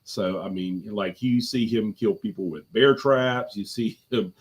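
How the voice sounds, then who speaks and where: A man's voice: on the low side, unhurried, slightly rough. A man chatting casually as a guest on a live movie review stream from home, rambling with lots of fillers and restarts.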